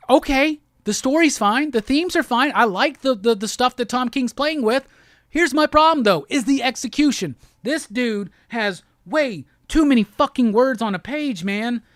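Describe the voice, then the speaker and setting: A man's voice: very high-pitched, a bit bright, dry recording. Profane ranting man, very dry sound. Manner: heated, profane, repetitive ranting. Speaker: comic book show host. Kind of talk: profane rant-style comic review.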